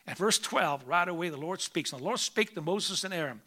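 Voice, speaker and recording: Bright high-voiced preaching man. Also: animated, brisk, few pauses. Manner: preaching with sudden loud rises and quiet asides; reads scripture aloud in old English. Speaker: pastor. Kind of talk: sermon.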